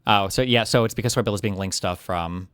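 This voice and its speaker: Male streamer, sarcastic reaction commentary, quick, dry sound. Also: on the low side, a bit bright, smooth, no room sound. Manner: sarcastic, quick asides, reads donations.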